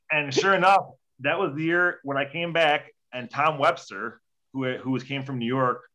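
A man telling rowdy stories in casual chat as a guest, swearing freely and acting out quotes. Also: mid-range voice. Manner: profane, animated storytelling with acted-out quotes. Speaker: guest, former hockey player. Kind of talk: casual storytelling. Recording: dull lo-fi audio.

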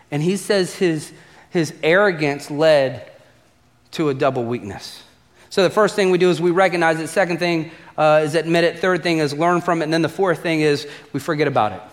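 A man's voice: fairly high pitch, normal speed, long reverb tail. A male pastor preaching a sermon, emphatic, repeating refrains and putting direct questions to the congregation. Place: church auditorium.

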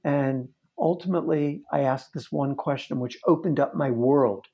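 A man's voice: mid-range voice, moderate pace, lo-fi sound. A man who works as a therapist recounts a case in conversation, telling it earnestly and vividly and often restarting his sentences. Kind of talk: storytelling in conversation.

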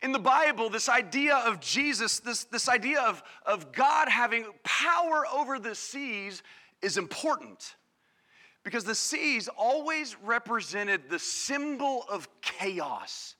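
Guy pastor preaching in church, real high voice, super animated, acts out the voices. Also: slow pace. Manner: energetic, calls on the congregation, acts out quoted voices. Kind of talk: sermon. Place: church service.

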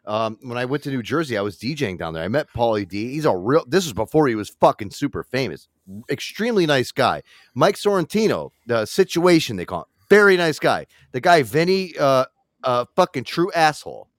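Male podcast host, lively swooping pitch, dry close mic, rambling chat. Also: fairly quick, no room sound. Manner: rambling, restarts a lot, swears casually.

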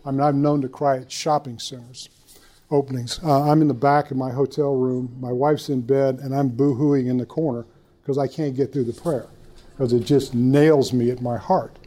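A man's voice: medium pitch, fairly even intonation, normal speed, mellow. An older man giving a folksy, rambling church teaching talk to a room of people, with stories, restarts and repeated words. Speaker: speaker at a church conference.

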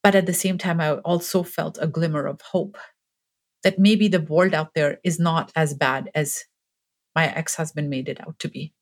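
A woman's voice: sits low, fairly even intonation, normal speed. A woman in her forties, a podcast guest, telling a personal story in an earnest, increasingly emphatic way. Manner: earnest, grows more emphatic and impassioned.

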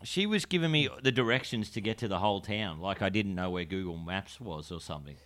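An Australian man co-hosting a podcast, easygoing and quick to laugh in casual banter. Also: sits low, fairly bright tone. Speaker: podcast co-host. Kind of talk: casual chat.

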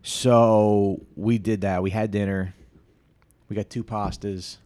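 Male podcast host, 30s, lowish voice; crude, self-deprecating solo monologue full of stops and restarts. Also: level tone, slow, mellow.

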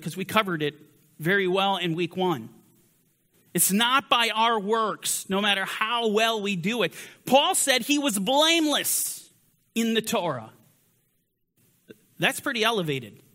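A male Bible teacher with a high, bright, forceful voice. He reads scripture slowly and deliberately, then pushes his points hard, his pitch swinging up and down for emphasis. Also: in a large hall. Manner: rises and falls sharply for emphasis. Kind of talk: sermon-style Bible study.

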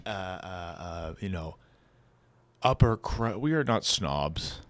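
A man's voice: low-pitched, lively intonation, slow, no room sound. Rambling, jokey man hosting a podcast. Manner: rambling, jokey, loud bursts. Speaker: podcast host. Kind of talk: casual comedic chat.

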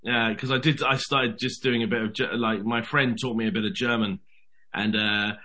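Lively British actor with a bright voice. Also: male voice, medium pitch, moderate pace. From Britain. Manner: animated storyteller, says "mate". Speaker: actor guest. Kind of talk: casual interview chat.

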